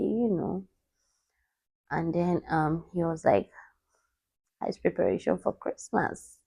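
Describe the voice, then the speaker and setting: Woman vlogger, low voice, dry close sound, halting, near tears. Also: gravelly, mellow, breathy edge, dry recording. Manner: halting, holding back tears. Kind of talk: emotional personal storytelling.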